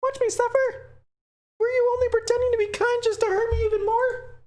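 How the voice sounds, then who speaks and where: A man in falsetto as a bitter anime schoolgirl. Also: flat delivery, a little fast, a little mellow. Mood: bitter, despairing. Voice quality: high falsetto. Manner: dramatic reading of game dialogue. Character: heartbroken young anime schoolgirl, bitter and accusing.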